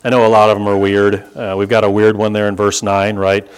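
A man's voice: on the low side, little pitch movement, a little fast, clean tone. A man from the United States preaching a conversational Bible sermon, explaining with casual asides and rising emphasis. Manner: conversational teaching with asides and humor. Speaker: pastor.

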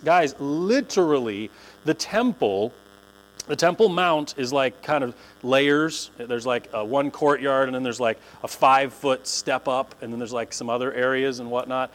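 A man preaching a sermon in a conversational, animated way, acting out the voices of the people he describes. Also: normal speed, poor audio. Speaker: pastor. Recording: low mains hum.

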